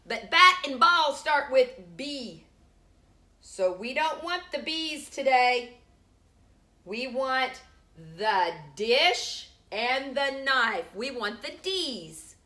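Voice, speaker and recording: Slow, bright-voiced preschool teacher woman. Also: fairly high pitch, animated. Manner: slow, sounding out letters for small children. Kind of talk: home preschool lesson.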